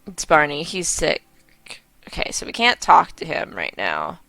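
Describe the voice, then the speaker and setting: A woman's voice: deep voice, wildly swooping pitch, measured pace, creaky, sharp tone, no room sound. A woman giving game commentary as she plays, musing and half-reading to herself. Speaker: let's play host.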